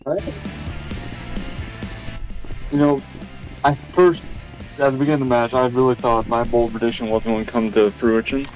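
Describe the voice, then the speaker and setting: Dude co-commenting a live match, chill, trips on his words sometimes, music quietly in the back. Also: mid-range voice, steady tone, moderate pace, pauses often, poor audio. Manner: easygoing, stumbles over words.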